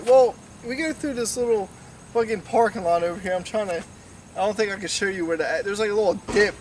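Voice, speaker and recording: A drunk young man rambling through a story, swearing and pointing out places to the camera. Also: high voice. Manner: rambling, profane, tipsy. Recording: distant mic, faint noise.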